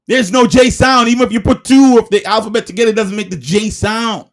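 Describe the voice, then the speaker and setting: A man preaching in a livestreamed sermon, emphatic and firing rhetorical questions, sometimes shouting. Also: sits high, brisk, few pauses.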